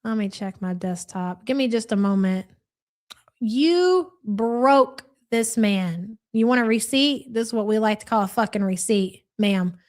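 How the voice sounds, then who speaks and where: A woman's voice: mid-range voice, a little fast, hardly any pauses, darkish tone. A woman hosting a live reaction stream, reading chat and ranting in a blunt, profane, mocking way. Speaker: livestream reaction host.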